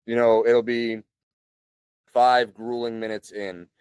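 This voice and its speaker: A man in his thirties, a podcast guest, talking in a relaxed, chatty way full of "like" and "you know" and clearing his throat often. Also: medium pitch, takes it slowly, no room sound. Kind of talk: casual conversational storytelling.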